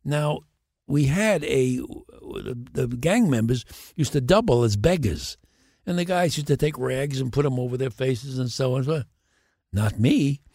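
An older man, a guest actor on a podcast, telling lively anecdotes and acting out the voices of the people in them. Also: medium pitch, a little slow, no echo, studio quality. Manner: animated anecdotes, acting out the other voices in his stories. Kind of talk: podcast interview storytelling.

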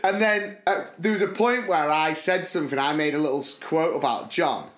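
A man, a bit higher-pitched than most, telling a funny story on a podcast. He talks in an animated way and slips into his mates' voices. The sound comes from a room with an echo. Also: brisk. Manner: animated storyteller, mimics friends. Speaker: podcast co-host. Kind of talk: casual chat.

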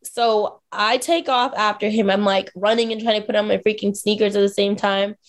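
A woman podcast co-host telling a story in casual chat, animated and acting out what people said. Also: mid-range voice, moderate pace. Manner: animated, acts out quotes from others.

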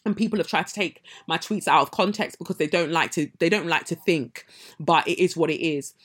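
Emphatic woman podcaster, low-ish voice. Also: brisk. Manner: emphatic, heated, rises in pitch and loudness when indignant. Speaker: podcast host. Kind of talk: casual storytelling monologue.

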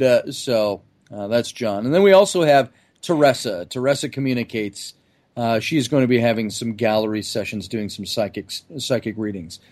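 A man's voice: mid-range voice, darkish tone. A man speaking as a guest in a casual podcast interview, chatty and promotional, stringing together long lists. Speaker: guest, event organizer.

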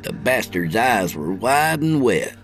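A man's voice: fairly low pitch, big pitch swings, slow, fairly bright tone, soft background music. A man narrating a gritty first-person story, his storytelling vivid. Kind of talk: audiobook narration.

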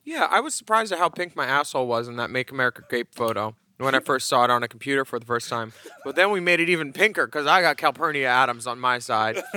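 A man's voice: medium pitch, lively intonation, fast talker, hardly any pauses, sharp tone. A man co-hosting a podcast in casual chat, firing off sassy, bawdy quips. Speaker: podcast co-host.

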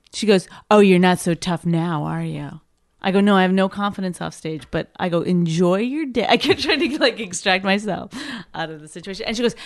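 A woman's voice: on the low side, creaky, no echo, studio quality. A woman comedian casually telling a story, chattering with lots of "like" and acting out what people said. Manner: animated, lots of "like" and "I go", acts out quoted voices. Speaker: stand-up comedian.

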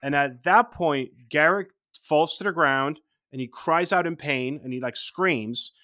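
A man's voice: fairly high pitch, unhurried, pushed and bright, dry recording, studio quality. A man co-hosting a podcast, retelling events in casual storytelling and checking in with "right?" as he goes. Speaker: podcast co-host.

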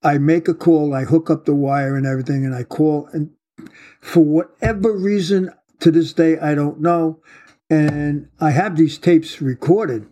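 A man's voice: a little high, unhurried. A man telling a story of his undercover work in a casual interview, blunt and full of swearing. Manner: blunt, profane, animated storyteller. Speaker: retired undercover agent, guest.

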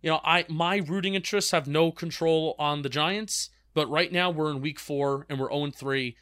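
A man's voice: fairly high pitch, fairly even intonation, moderate pace, fairly bright tone, no echo, studio quality. A man in his twenties co-hosting a football fan show, chatting casually with many restarts as he reads out listener questions. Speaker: sports podcast co-host. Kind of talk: casual chat.

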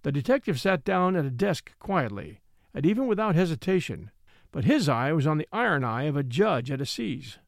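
A man's voice: fairly high pitch, very animated, normal speed, vocal fry, no echo, clean studio sound. A man reading a classic mystery aloud as an audiobook narrator, shifting his voice for each character.

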